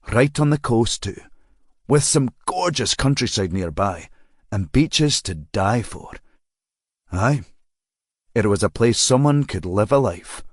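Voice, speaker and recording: A man with a mid-range voice narrates a crime novel for an audiobook, telling the scripted story in a measured, even manner. The studio sound is clean, with no echo.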